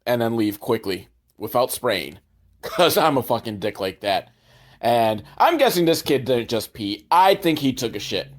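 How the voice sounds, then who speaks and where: A man's voice: medium pitch, very animated, a little slow. A man host sarcastically recapping a movie, swearing a lot and mocking the characters in put-on voices. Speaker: comedy podcast host.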